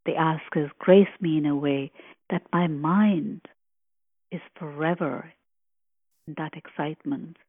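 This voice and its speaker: Slow, breathy woman on a tinny line. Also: deep voice, dry recording. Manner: slow, reverent, reflective, with long pauses. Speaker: podcast host explaining scripture. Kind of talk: reverent spiritual commentary.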